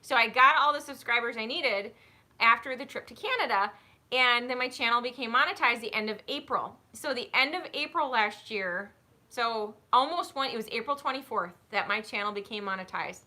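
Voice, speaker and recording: Bright-voiced chatty woman streamer. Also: a little high, normal speed. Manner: chatty, gushing thanks, excitable. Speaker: horse trainer and channel host. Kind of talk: live-stream Q&A chat.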